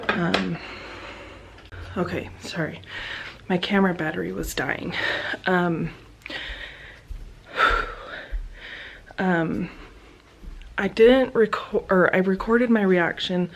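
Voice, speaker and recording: A young woman vlogging at home, talking slowly in a slightly low voice. She hesitates often, trailing off with fillers and sometimes sinking into a near whisper as she shares her news. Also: a little hiss or hum. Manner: hesitant, many pauses and fillers, soft and emotional. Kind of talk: casual personal vlog. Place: home, getting ready in the morning.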